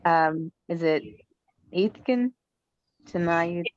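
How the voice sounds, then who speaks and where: A woman's voice: deep voice, fairly even intonation, measured pace, slight background noise. A woman student in an online language class, reading hesitantly and unsure of the words. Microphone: video call. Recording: dry lo-fi call audio.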